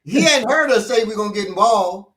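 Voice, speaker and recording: A man telling lively street stories in casual chat, acting out the people in them. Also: sits high, fairly quick, roomy sound, distant mic. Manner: animated storyteller acting out voices. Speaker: instructor. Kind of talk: casual storytelling.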